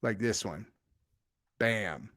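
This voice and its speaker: A man hosting a casual livestream, rambling loosely with frequent fillers and swings from loud to quiet. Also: fairly low pitch, very slow. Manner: animated swings in loudness. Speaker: host.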